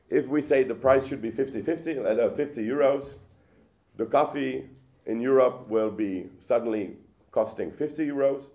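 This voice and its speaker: A man giving a public lecture in a hall, with lively rhetorical questions and frequent restarts. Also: lowish voice.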